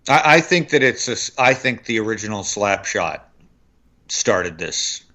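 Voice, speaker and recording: A man co-hosting a casual film podcast, his low voice bright and sharp-edged. He chats loosely, often stopping to restart a thought. His mic sounds dull and lo-fi. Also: expressive, measured pace. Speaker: podcast co-host. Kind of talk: casual film review chat.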